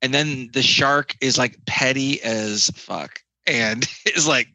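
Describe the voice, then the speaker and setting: Wry bright-voiced man, dry close sound. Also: mid-range voice, lively intonation, moderate pace, hardly any pauses, no room sound, poor audio. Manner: wry, recaps scenes with dry asides. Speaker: podcast co-host. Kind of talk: casual movie chat.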